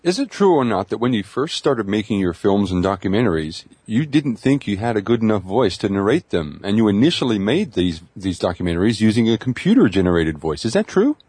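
A man's voice: lowish voice, sing-song, fairly quick, hardly any pauses, darkish tone, breathy edge, dry recording. A man interviewing a guest, asking direct, probing questions.

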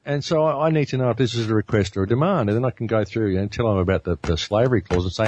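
A man's voice: fairly low pitch, rapid-fire, few pauses, darkish tone. A man talking bluntly on a talk show, rambling and often repeating his words. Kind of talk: casual talk show chat. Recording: muffled dry lo-fi recording.

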